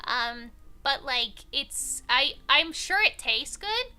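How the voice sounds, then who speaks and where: Bright high-voiced woman streamer chatting. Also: lively intonation. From not from England. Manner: rambling, chatty, quick to laugh. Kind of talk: casual stream chat.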